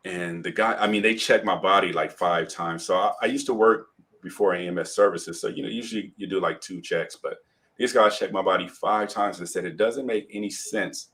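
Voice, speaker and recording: A man's voice: low-pitched, fairly quick, fairly bright tone. A man, a guest on an interview show, telling a personal story vividly and acting out the voices of the people in it.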